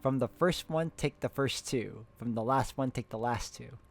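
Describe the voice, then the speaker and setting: Faint music plays behind a man with a gravelly, mid-range voice speaking at normal speed. He hosts a co-op puzzle game playthrough, casually reading in-game letters in a plain way and breaking off to chat and laugh with a friend between them.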